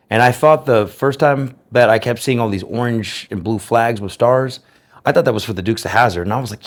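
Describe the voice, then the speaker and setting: Man with a low voice and crisp enunciation. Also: moderate pace. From United States. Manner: careful, clear enunciation; reflective, earnest. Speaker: interviewee. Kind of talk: personal storytelling.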